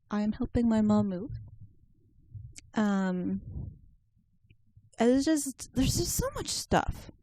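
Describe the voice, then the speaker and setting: This podcast co-host is a woman in her twenties with a mid-range voice, recorded dry. Chatty and quick to laugh, she tells lively stories during their casual conversation.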